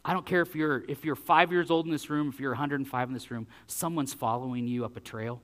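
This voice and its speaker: A man in his forties, a pastor telling a personal story in a sermon, animated and self-deprecating. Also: medium pitch, fast talker. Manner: animated, self-deprecating, acts out his own breathless lines.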